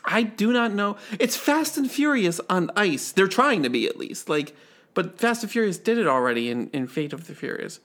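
A man's voice: high voice, lively intonation, moderate pace, a bit bright. A man co-hosting a casual movie chat, talking in rambling, stammering bursts full of fillers. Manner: chatty, stammering restarts, lots of fillers. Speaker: podcast co-host.

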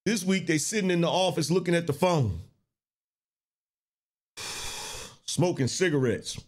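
A podcast host offers casual political commentary in a mocking tone, repeating his lines and laughing often. His voice is fairly high, a little mellow, and measured in pace.

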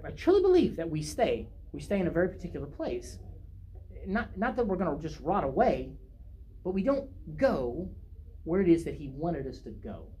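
A man's voice: fairly high pitch, a little mellow, slight background noise. A man preaching a sermon, reading scripture aloud and driving points home by repeating phrases. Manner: emphatic, repeats phrases for stress.

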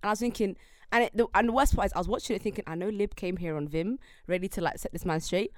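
A young woman, chatting on a podcast in an animated, opinionated way. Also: medium pitch, quick pace, no room sound, studio quality. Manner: animated, opinionated, quotes people in play. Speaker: podcast co-host. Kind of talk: casual chat.

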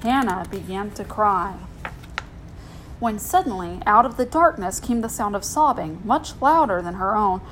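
A woman reading a children's storybook aloud in an expressive, gentle way. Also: medium pitch, unhurried, a little hiss or hum, low-quality recording.

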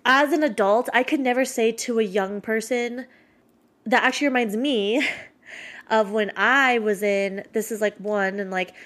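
A woman's voice: fairly high pitch, measured pace, fairly bright tone. A woman in her late twenties in candid, casual chat, swearing freely and filling her talk with "like". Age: 20s.

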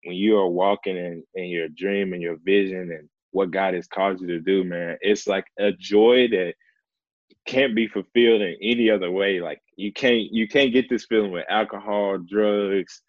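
A young man with a very low, deep voice tells a personal story in an easygoing, heartfelt way, peppering his speech with "like" and "man." The sound is dry and a little dull, as if recorded close to the mic with a muffled, lo-fi tone. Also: moderate pace, dry recording. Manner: relaxed, earnest, heavy use of "like" and "man". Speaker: professional baseball player as guest. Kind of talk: casual storytelling in conversation.

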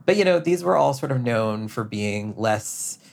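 A man's voice: mid-range voice, animated, normal speed, vocal fry, slight background noise. A man, a drag performer, talking as an interview guest in a chatty, reflective way with self-deprecating asides. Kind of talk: casual conversational interview.

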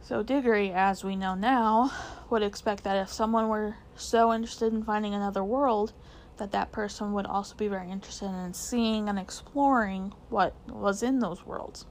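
A woman teacher walks through examples from a novel in a relaxed, conversational way. Her voice sits in a middle pitch, and she often restarts her sentences and fills pauses with small words as she thinks. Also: slight background noise. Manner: conversational, many fillers and restarts. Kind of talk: literature lesson explaining a novel.

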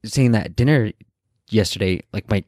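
A man's voice: on the low side, normal speed, darkish tone, no echo, studio quality. A man hosting a podcast, telling a family story in a playful way and laughing easily. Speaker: podcast host. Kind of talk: casual podcast chat.

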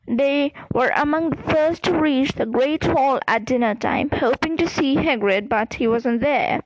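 A woman's voice: high-pitched, measured pace, hardly any pauses, low-quality recording. A woman narrating a storybook aloud, reading carefully and sometimes restarting a word. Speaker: audiobook reader.

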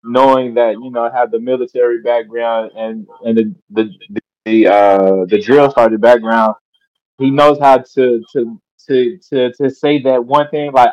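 A man speaks as an interview guest in an earnest way, often stammering and repeating words. His voice is mid-pitched, and the dry audio sounds muffled and lo-fi. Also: flat delivery, unhurried, no echo. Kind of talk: casual interview. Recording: dull lo-fi call audio.

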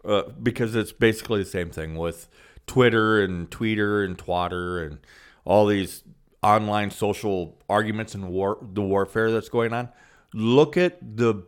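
A man co-hosting a podcast, in blunt, emphatic casual chat, swearing freely. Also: fairly low pitch.

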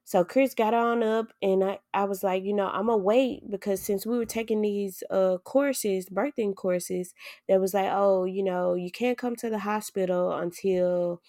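A woman hosting a podcast, telling a personal story in casual chat, animated, acting out what people said and swearing freely. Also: mid-range voice, unhurried, no room sound, studio quality.

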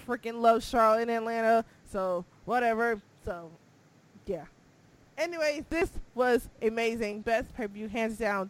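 A young woman co-hosting a casual wrestling chat, excitable and laughing, swinging from low mumbles to squeals. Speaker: podcast co-host.

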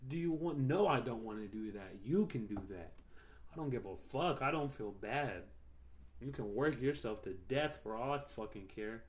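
A man's voice: mid-range voice, lively intonation, moderate pace. Young male podcaster, mid-range voice, heated and profane casual venting. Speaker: podcast host. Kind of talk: casual solo rant.

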